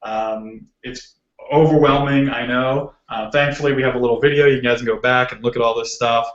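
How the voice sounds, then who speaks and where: A man with a Boston accent talks through a technical topic in a loose, joking way, dropping plenty of ums. His voice sits at a middle pitch. It comes over a video call that sounds roomy and a little muffled. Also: fairly even intonation, normal speed, a bit bright. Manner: casual and joking, lots of ums. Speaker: guest speaker. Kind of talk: technical talk.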